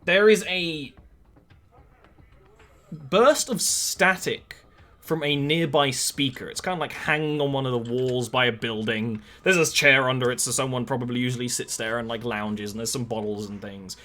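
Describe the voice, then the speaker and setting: Bright-voiced male game master. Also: medium pitch, normal speed. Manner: rambling, filler-heavy descriptions. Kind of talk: narrating a tabletop game.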